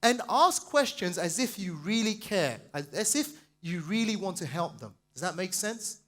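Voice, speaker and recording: A man giving a passionate, fast sales seminar and quizzing the audience. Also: sits high, very animated, fairly bright tone. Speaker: sales trainer speaking at a seminar. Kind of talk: live motivational seminar talk.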